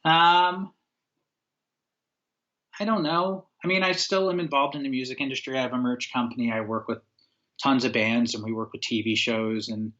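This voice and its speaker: Animated man telling a story, lo-fi. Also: medium pitch, normal speed. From upstate New York. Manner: animated storyteller, acts out quotes, frequent fillers. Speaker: guest, former record label owner. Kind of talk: casual anecdote-telling interview.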